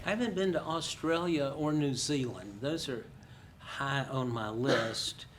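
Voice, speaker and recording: A man's voice: medium pitch, unhurried, a bit bright, a little hiss or hum. An older American man speaking as guest in a career conversation, telling stories with self-deprecating humor. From United States.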